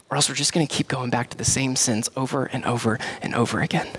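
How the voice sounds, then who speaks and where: A man, preaching a sermon as pastor, animated and repeating key phrases for emphasis. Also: brisk, husky. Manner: animated, swings to high mimicking voices for quoted people.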